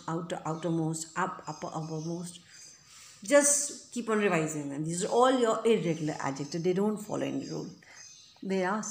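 A woman's voice: on the low side, darkish tone, roomy sound, a little hiss or hum. A woman teaching an English grammar lesson, explaining rules patiently and checking in often with the listener. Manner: patient, repetitive, checks in with "right?" and "okay?".

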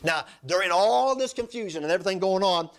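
A man's voice: expressive, a little fast, fairly bright tone. A man preaching a sermon, retelling scripture stories and asking the congregation for amens. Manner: storytelling preacher, calls for amens, pitch swings up and down.

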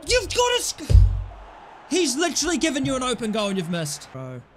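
A man's voice: extremely high pitch, wildly swooping pitch, a little fast, fairly bright tone, faint music behind. A young man playing a football video game and commentating, frustrated and swearing at his players. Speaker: gaming YouTuber.

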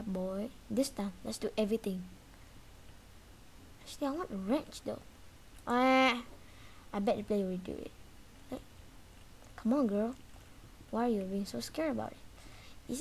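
A woman with a fairly high voice talks her way through a video game, calling out to the chaser and taunting it. She is animated and yelps at close calls. A faint hiss sits under the recording. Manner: animated, talks trash to the game's chaser, sudden yelps and shrieks. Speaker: gaming video creator. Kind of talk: live gameplay commentary.

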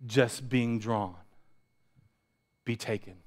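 A pastor preaching a sermon, building intensity through repetition and dropping to quiet asides. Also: male voice, lowish voice, steady tone, moderate pace. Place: church sanctuary.

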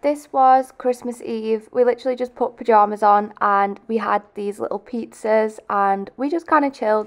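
A woman's voice: on the high side, moderate pace, hardly any pauses, a little hiss or hum. Chatty young woman vlogging to camera. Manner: candid and chatty, talking straight to the camera. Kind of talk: casual vlog chat.

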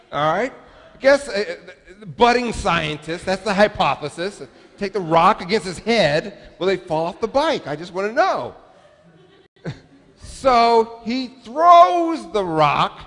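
A man's voice: high-pitched, fairly bright tone, in a large hall. A man in his forties, a pastor giving a sermon in a chatty, humorous storytelling manner, recorded in a church sanctuary.

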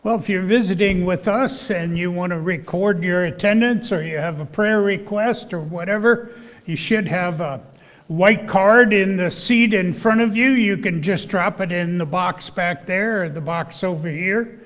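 Slow-speaking pastor losing his voice. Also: high voice, a bit bright, in a large hall. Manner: slow, measured, pausing with fillers. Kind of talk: church announcements and scripture reading. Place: church sanctuary.

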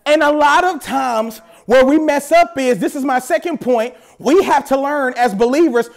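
Male pastor, very high voice, animated sermon delivery with joking asides. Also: moderate pace, creaky, few pauses. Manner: animated preaching with playful asides. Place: church service.

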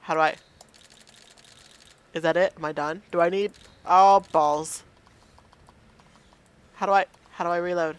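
A woman's voice: on the low side, fairly even intonation, unhurried, long pauses. A woman playing a horror game and commenting casually, nervous and self-mocking, talking to the game. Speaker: let's play gamer.

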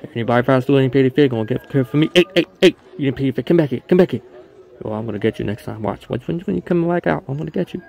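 A man voicing a boastful, bossy streetwise tomcat who talks in quick slang. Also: medium pitch, creaky, darkish tone, close to an everyday voice. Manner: slangy, bossy and fast-talking.

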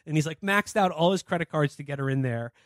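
A man's voice: fairly high pitch, expressive, fast talker, no echo, studio quality. A man co-hosting a casual comedy podcast, swearing freely, laughing, and acting out scenes as he retells them. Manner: profane, laughing, acts out quoted characters. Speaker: podcast co-host.

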